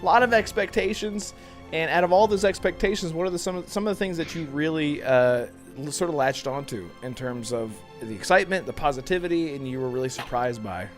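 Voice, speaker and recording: A man's voice: a little high, brisk, faint music behind. A man hosting a gaming podcast in casual chat, talking loosely and laughing often. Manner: chatty, laughs often, reads chat aloud. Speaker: podcast host.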